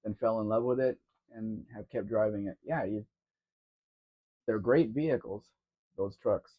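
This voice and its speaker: A man's voice: on the low side, unhurried. A man hosting a casual live Q&A stream. He reads out viewer comments and answers them in a chatty, teasing way. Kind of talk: casual livestream chat. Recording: dull lo-fi sound.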